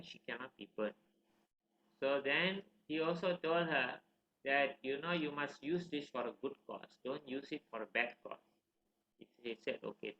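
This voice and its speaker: A man teaching a scripture class, telling a story in an animated, conversational way and asking the listeners questions. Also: on the high side, a little hiss or hum. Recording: roomy, slightly dull recording.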